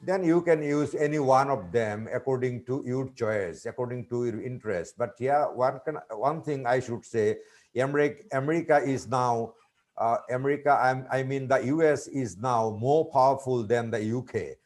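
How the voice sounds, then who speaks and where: A man's voice: mid-range voice, moderate pace, darkish tone. A man with a Bangladeshi English accent, a presenter answering audience questions in an online webinar, reassuring and explanatory with frequent restarts. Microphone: video call.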